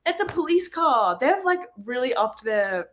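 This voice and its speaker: A young Australian woman with a nasal voice, co-hosting a podcast in animated, rambling casual chat. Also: sits high, unhurried. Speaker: podcast co-host.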